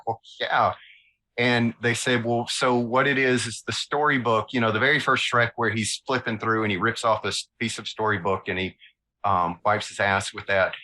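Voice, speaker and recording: A man with a Southern American accent, a guest illustrator telling animated, self-mocking stories in a casual interview. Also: mid-range voice, rough recording.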